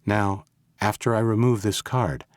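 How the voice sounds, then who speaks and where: A man's voice: lowish voice, fairly even intonation, a little slow, dry recording, clean studio sound, pitched above the performer's own voice, natural voice. A man playing a tense robot technician. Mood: businesslike. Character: nervous male robot technician, middle-aged.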